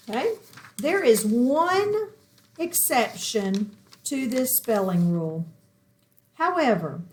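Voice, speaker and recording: A woman with a slightly high, somewhat mellow voice teaches phonics at a whiteboard in a recorded classroom lesson. She patiently poses questions and then answers them herself.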